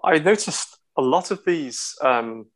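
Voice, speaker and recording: A man's voice: a little high, animated, slow pace. A man with a Merseyside accent, a meteorologist guest on a podcast, talking casually with some hesitant restarts. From Merseyside, England. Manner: hesitant, many restarts and ums. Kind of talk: casual chat.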